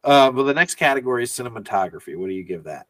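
A man's voice: mid-range voice, expressive, racing, a bit bright, recorded from a distance. Easygoing podcast guy, dry humor, mid voice, sits back from the mic. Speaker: podcast co-host. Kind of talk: casual film review chat.

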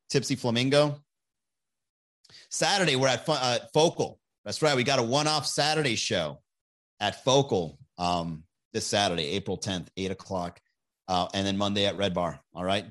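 A man's voice: mid-range voice, a bit bright. A man hosting a comedy podcast, chatting casually and reading viewer comments, profane and sarcastic, often laughing at his own jokes.

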